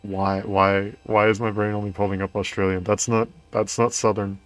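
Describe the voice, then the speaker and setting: Low-voiced man commenting on his gameplay. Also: level tone, moderate pace. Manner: talks to himself, puzzled and self-mocking. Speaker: streamer. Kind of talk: let's-play commentary. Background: faint game music.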